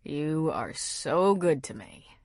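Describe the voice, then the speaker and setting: A woman voicing a teasing, tender young husband in an audiobook, with a husky voice. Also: sing-song, slow pace, a little mellow, no room sound, studio quality, full character voice. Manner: playful, low teasing.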